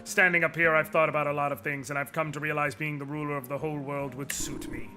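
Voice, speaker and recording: A cruel, boastful villain knight from a video game, put on by a male streamer. He gloats in a theatrical, slightly high voice. Music plays in the background. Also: flat delivery, quick pace, close to an everyday voice. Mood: menacing. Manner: theatrical, gloating, swings to shouting rage. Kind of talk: dramatic reading of game dialogue. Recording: music behind the voice.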